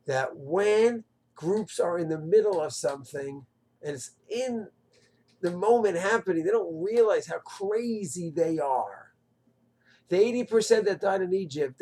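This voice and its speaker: A man giving a short, impassioned Torah talk, asking rhetorical questions and mimicking others. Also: high-pitched. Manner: rhetorical, animated, swings into mocking quoted voices. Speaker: Torah teacher. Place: Israel.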